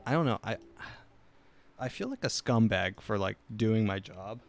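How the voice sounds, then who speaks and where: A man's voice: on the low side, expressive, moderate pace. A young man hosting a casual chat show, rambling with lots of fillers and restarts. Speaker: podcast host.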